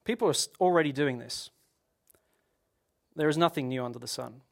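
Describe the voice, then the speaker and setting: A man's voice: medium pitch, a little fast, gravelly. A man giving a technical conference talk, explaining at length with rhetorical questions and frequent restarts. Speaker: conference speaker.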